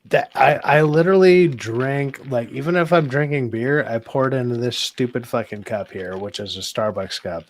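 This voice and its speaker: A man's voice: medium pitch, normal speed, few pauses, no echo. A man hosting a stream, chatting casually with guests, rambling, swearing freely and laughing often. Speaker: streamer host. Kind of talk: casual chat.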